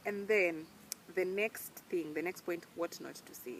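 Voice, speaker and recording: Speaking a little slowly in a voice on the low side, a young woman with a Kenyan accent talks to camera in a casual vlog. She's earnest and emphatic, slips in Swahili slang, and the heartfelt talk comes through poor audio with slight background noise.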